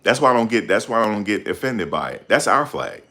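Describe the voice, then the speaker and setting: A middle-aged man hosting his channel, talking in a loud, confrontational, profane rant. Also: fairly low pitch, sing-song, brisk. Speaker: channel host. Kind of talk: ranting livestream commentary.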